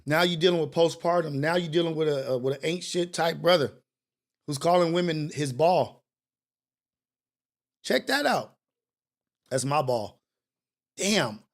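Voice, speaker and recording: A young man hosts a morning show, his voice sitting a little high for a man. He talks in a loose, animated, sermon-like way, full of slang and blunt cursing, and often turns to confessing his own past. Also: unhurried, long pauses. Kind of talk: casual commentary monologue.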